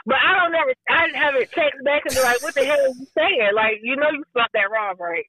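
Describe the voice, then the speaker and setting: A woman's voice: high voice, a little fast, sharp tone, dry recording, rough recording. A woman in her forties, a guest who hosts her own podcast, chatting casually in a blunt, slangy way and laughing easily.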